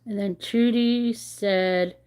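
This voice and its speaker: Slow-talking woman chatting on a livestream. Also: medium pitch, fairly even intonation, a little mellow, smooth. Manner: rambling, candid and reflective; reads out viewer chat comments. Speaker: crochet livestream host. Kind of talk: casual chat with viewers.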